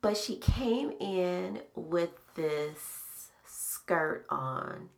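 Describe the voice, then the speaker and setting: A middle-aged woman with a low, gravelly voice, talking slowly. She hosts a podcast and shares memories in a soft, reflective manner. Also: lively intonation. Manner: slow, soft-spoken, reflective storytelling. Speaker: podcast host. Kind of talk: casual heartfelt conversation.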